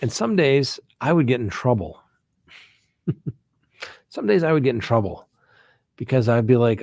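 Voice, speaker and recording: Husky-voiced man in casual talk. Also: mid-range voice, expressive, normal speed, long pauses, darkish tone, no echo, clean studio sound. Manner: conversational, folksy, frequent "right?" asides. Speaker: host, criminal defense attorney. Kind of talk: casual live-stream talk.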